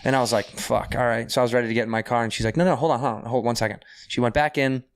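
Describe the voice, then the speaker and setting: A man's voice: medium pitch, steady tone, rapid-fire, slight background noise. A man, a podcast guest, telling a story casually and animatedly, acting out the quoted people and swearing freely.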